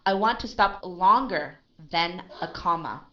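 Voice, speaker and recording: A woman's voice: on the low side, lively intonation, a little slow, bright, forceful tone, muffled recording. A woman teaching pronunciation in a live lesson, patiently correcting a learner and often checking in with "okay?" and "right?".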